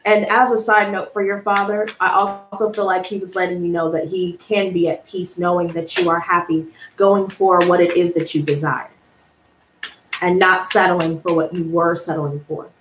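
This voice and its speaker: A woman hosting a live tarot stream, reading out viewer comments and answering them in a gushing, excitable way that breaks into laughter. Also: on the low side, normal speed. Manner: excitable, gushing, calls viewers girl and honey, bursts of laughter. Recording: echoey room with faint noise.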